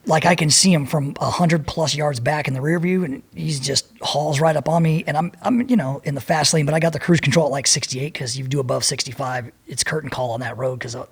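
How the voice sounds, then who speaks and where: A middle-aged man telling a profane, animated story as a podcast guest and acting out the people in it. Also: fairly high pitch, vocal fry, slightly rough. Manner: profane, animated, acts out voices in his anecdote. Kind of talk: storytelling in a casual interview.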